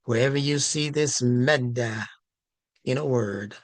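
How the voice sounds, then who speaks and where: A male instructor giving a slow, emphatic religious language lesson, stressing key words. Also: medium pitch, no room sound. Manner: slow, deliberate, emphatic teaching.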